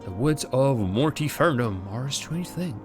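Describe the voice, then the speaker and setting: A man's voice: mid-range voice, expressive, unhurried, faint music behind, close to an everyday voice. A man voicing a friendly, burly male woodcutter in a game, in a hearty, jovial storybook manner with a wandering accent.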